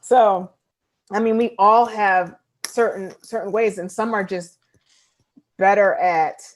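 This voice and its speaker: A woman's voice: medium pitch, steady tone, slow. A woman from upstate New York co-hosting a casual podcast conversation, chatty and often laughing.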